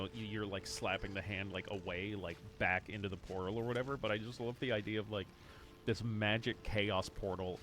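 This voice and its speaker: A man's voice: lowish voice, fairly bright tone, slight background noise. A man streaming a video game, thinking aloud in a casual, rambling way with lots of fillers. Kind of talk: casual live-stream gameplay commentary.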